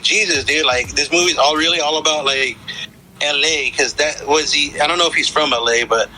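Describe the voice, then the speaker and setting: Bright-voiced young man chatting casually. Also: a little high, low-quality recording. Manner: rambling, swears often, says dude a lot. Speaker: podcast co-host. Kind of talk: casual film discussion.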